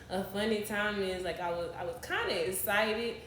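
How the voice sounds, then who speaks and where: A young woman, telling stories as a podcast guest in an animated, laughing way. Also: medium pitch, measured pace. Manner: animated storytelling, laughs often. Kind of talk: casual interview chat. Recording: roomy podcast audio with faint hiss.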